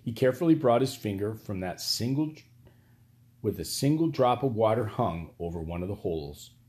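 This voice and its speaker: A man narrating an audiobook in a steady, even storytelling manner. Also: lowish voice, normal speed.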